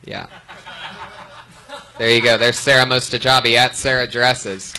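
A man's voice: medium pitch, steady tone, a little slow, vocal fry, noisy background. A man hosting a live comedy show, teasing and sarcastic as he gives feedback. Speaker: host. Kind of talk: live comedy panel banter.

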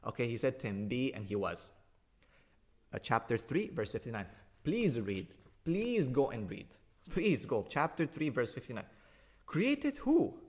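A man's voice: big pitch swings, moderate pace. A man delivering a sarcastic, emphatic argumentative monologue as a religious commentator, hammering points home with repetition. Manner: repeats points for emphasis with big swings in pitch and loudness. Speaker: religious commentator rebutting a video.

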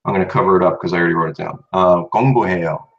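Deep-voiced american guy learning korean, relaxed and chatty, kinda muffled audio. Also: rapid-fire. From United States. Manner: relaxed, chatty, repeats words after the teacher. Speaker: student. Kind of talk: casual language lesson.

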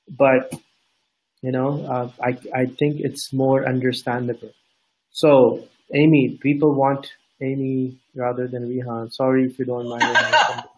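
A man's voice: mid-range voice, poor audio. Earnest Pakistani man giving advice. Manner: earnest, repetitive, direct. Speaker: co-host. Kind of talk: casual advice talk.

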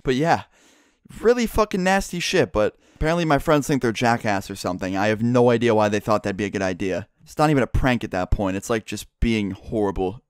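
A man's voice: fairly low pitch, brisk, clean tone, no echo, studio quality. A young man retelling a party story casually, acting out his friends' lines and swearing a lot. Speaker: vlogger.

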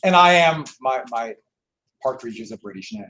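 A man's voice: mid-range voice, expressive, normal speed, pushed and bright. A man teaching a history class, lecturing emphatically and firing rhetorical questions at the students. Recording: echoey room, from far off.

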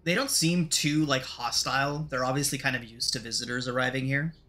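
A man narrating a tabletop game as game master, relaxed and full of fillers. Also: mid-range voice, fairly quick.

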